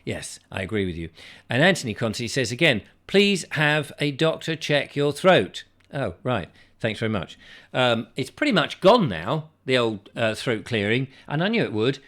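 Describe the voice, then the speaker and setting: A man's voice: medium pitch, big pitch swings, normal speed, fairly bright tone. A middle-aged man hosting a casual chat show, rambling and reading viewer comments aloud. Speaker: host.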